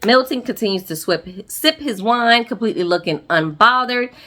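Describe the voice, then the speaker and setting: Woman, bright forceful voice, sassy casual recap, slangy asides to viewers. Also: a little high, expressive, moderate pace. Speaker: reality TV recap host.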